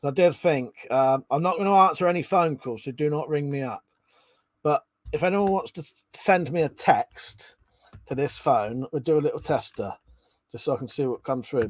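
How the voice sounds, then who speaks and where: A British livestream host with a medium-pitched, slightly mellow voice chats loosely on a casual stream. He swears freely and reads viewer comments aloud, and there is no echo.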